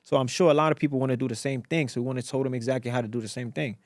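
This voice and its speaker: A man from Africa, a guest entrepreneur in a casual podcast interview, telling stories in a slangy, animated way with lots of repetition. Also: mid-range voice, rapid-fire, dry recording.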